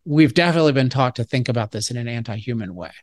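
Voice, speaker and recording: A man's voice: medium pitch, lively intonation, rapid-fire, no room sound, clean studio sound. A man being interviewed, arguing his points emphatically with frequent restarts. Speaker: interview guest. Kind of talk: argumentative interview talk.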